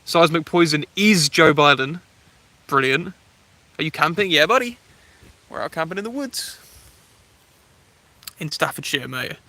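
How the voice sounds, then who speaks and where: A man's voice: on the high side, expressive, measured pace, long pauses, pushed and bright. A man in his twenties with an Essex English accent, chatting casually on a live stream from a woodland camp and reading out viewer comments. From England. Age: 20s. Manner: chatty, friendly, reads viewer names aloud. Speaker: vlogger.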